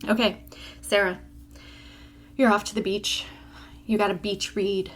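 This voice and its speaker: A chatty woman co-hosting a relaxed talk show, asking question after question and laughing easily. Her voice sits at an ordinary middle pitch. A faint hum runs under the recording. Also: a little slow. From Florida. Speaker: podcast co-host. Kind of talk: casual chat.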